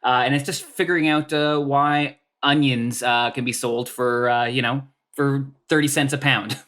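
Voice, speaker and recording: A man's voice: mid-range voice, steady tone, moderate pace, fairly bright tone. A man talking as a guest on a comedy podcast, rambling with lots of filler words and restarts. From Canada. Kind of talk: casual podcast chat.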